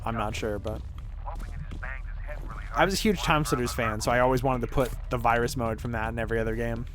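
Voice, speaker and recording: A man's voice: mid-range voice, fairly even intonation, fairly quick. A man streaming as a vtuber, chatting casually and rambling through tangents with offhand swearing. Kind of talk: casual gameplay chat.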